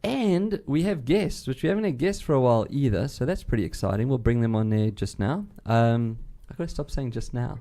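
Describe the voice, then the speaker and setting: Gravelly South African radio host. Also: male voice, medium pitch, expressive, a little fast, hardly any pauses. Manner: rambling, loud and chatty, frequent restarts. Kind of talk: casual radio chat. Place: radio studio.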